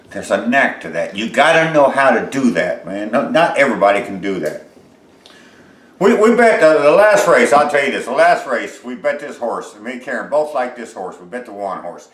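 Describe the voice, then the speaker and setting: A man's voice: medium pitch, fairly bright tone. Folksy, cussing man in an echoey kitchen. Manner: folksy, rambling, cussing storyteller with lots of uhs. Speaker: home cooking show host. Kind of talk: casual cooking vlog chat. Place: home kitchen. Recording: roomy echoey kitchen sound.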